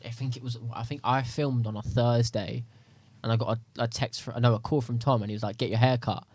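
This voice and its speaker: A young man, a podcast guest, talking in a rambling, animated way in casual chat. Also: medium pitch, dry recording. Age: young adult. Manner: fast, rambling, animated storytelling.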